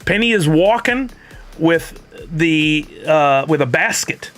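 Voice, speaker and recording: A man's voice: on the high side, animated, slow pace, a bit bright, soft background music. A middle-aged man hosting a stream, telling a story in casual chat and acting out both sides of the conversation. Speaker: streamer host.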